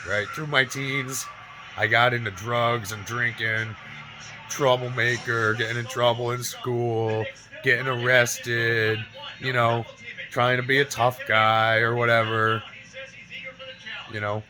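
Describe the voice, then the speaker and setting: A man in his forties with a mid-range voice comes through a low-quality recording with music playing. He's a fitness vlogger telling a painful story to camera, emotional and near tears, profane throughout and forever adding "right?" and "you know?".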